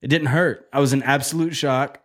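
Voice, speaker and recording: A man casually telling a story on a podcast, animated and profane, acting out the other people in it. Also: mid-range voice, brisk. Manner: animated, profane, acts out quotes in a loud excited voice.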